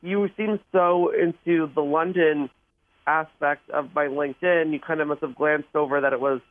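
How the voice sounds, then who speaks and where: A man's voice: fairly high pitch, fairly even intonation, moderate pace, no echo. A man from Canada on a phone call to a radio show, sounding sheepish. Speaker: caller. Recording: tinny phone line.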